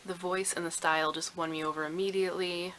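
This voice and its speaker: Enthusiastic low-voiced woman book vlogger. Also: little pitch movement, fast talker, a bit bright, a little hiss or hum, low-quality recording. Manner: enthusiastic and chatty. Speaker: book reviewer. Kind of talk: casual book review vlog.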